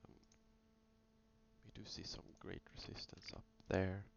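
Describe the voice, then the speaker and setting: A man's voice: low-pitched, monotone, measured pace, creaky. A man casually talking through chart trades in a screen-recorded review, thinking aloud with many fillers. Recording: dull lo-fi sound with faint hum.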